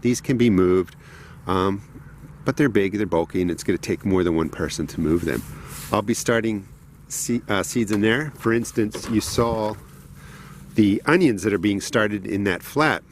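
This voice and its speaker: A middle-aged man with a New Jersey accent rambles through a casual gardening vlog, voice sitting a bit low. He talks in a loose, chatty way and laughs at himself, walking from his indoor seedlings out into the cold garden. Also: moderate pace, a little hiss or hum. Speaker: gardening channel host. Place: indoor grow room then outdoors in cold garden.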